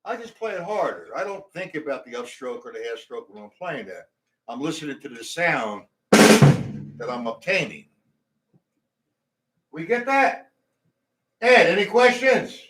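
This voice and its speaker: A man's voice: fairly high pitch, big pitch swings, unhurried, pauses often. A man teaching a drum lesson, talking between demonstrations and counting beats aloud. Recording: echoey room, mic far off, loud drums.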